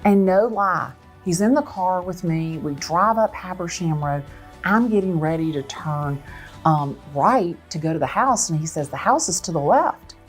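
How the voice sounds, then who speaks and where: A woman who sells real estate, telling a dramatic story in an expressive way. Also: fairly low pitch, unhurried, soft background music. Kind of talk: animated storytelling.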